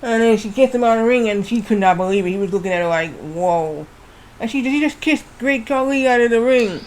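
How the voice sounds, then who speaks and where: A man's voice: very high voice, fast, a little hiss or hum. A man streaming a wrestling game, telling long rambling stories and swearing casually as he plays. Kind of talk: casual gaming commentary.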